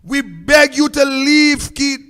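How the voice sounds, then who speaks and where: A man's voice: extremely high pitch, slow, pushed and bright, in a large hall. A man with a Trinidadian accent, hosting a political commentary show and pleading with a sing-song, preaching cadence. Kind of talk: impassioned political plea.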